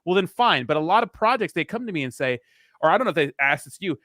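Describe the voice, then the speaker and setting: A man's voice: a little high, very animated, fast, fairly bright tone, dry recording, studio quality. A man in casual podcast chat, brash and emphatic, swearing freely.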